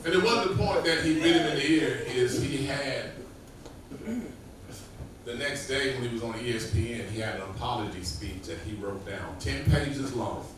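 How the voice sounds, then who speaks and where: Recorded from a distance in an echoey room full of ambient noise, a man with a medium pitch and normal speed does stand-up at a comedy club. His storytelling is loose and profane, with acted-out dialogue.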